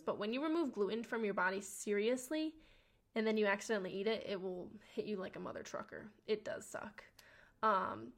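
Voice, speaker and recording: Chatty young woman podcaster, slangy and animated. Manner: chatty and animated, slangy, swears, acts out quotes with big pitch jumps. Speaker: podcast host. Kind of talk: casual storytelling monologue.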